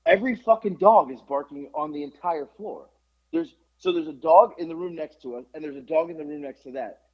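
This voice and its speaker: A middle-aged man hosting a podcast, telling a story in casual chat, animated and profane with lots of fillers. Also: on the high side, brisk. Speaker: podcast host. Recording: dull lo-fi podcast recording.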